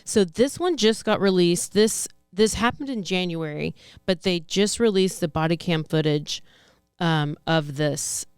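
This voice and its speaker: Woman podcast host rambling through crime news, smooth clear voice, dry sound. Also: lowish voice, unhurried, dry recording, soft background music. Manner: chatty, rambling, self-correcting storyteller. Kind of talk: casual true-crime news chat.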